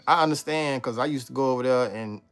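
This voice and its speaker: A man hosts a casual livestream, speaking fast in a medium-pitched, smooth, slightly bright voice. Laid-back and chatty, he talks loosely with viewers, reading out their comments from chat and answering them.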